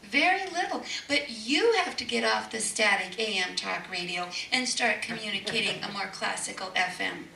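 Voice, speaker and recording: A woman giving an inspirational talk, telling a story with emphatic repetition and sudden hushed passages. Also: mid-range voice, moderate pace, gravelly, hardly any pauses. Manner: emphatic, repeats key words, drops to hushed tones. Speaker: spiritual speaker. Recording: echoey room, distant mic, faint noise.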